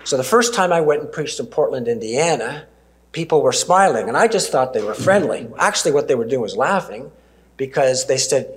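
A man, preaching a sermon and telling stories earnestly, slowing down and dropping to a near-whisper for emphasis. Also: on the high side, big pitch swings. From Canada.

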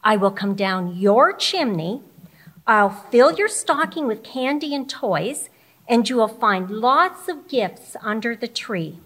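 A woman voicing a jolly old male Santa Claus, speaking in a slow, cheerful and inviting way. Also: a little high, expressive, fairly bright tone, exaggerated voice. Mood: jolly, coaxing.

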